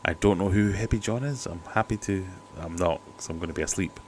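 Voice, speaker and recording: This aquarium channel host speaks fast in a low voice, keeping his home livestream casual with chatty skepticism and jokey asides. He's using a cheap desk mic, and a slight background noise comes through.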